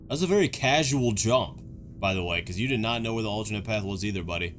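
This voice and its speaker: A man's voice: fairly low pitch, animated, fast talker, fairly bright tone, soft background music. A man giving casual, joking reaction commentary on videos, rambling through chatty asides.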